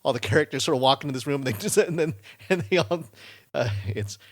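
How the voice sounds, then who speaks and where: Fast and animated, this podcast host rambles through casual conversation, often restarting and using lots of fillers. His medium-pitched voice comes through in clean studio sound without echo.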